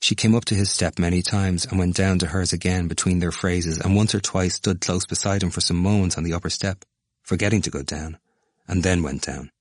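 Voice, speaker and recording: Very deep-voiced man narrating a novel. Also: fairly even intonation, fairly quick, dry recording.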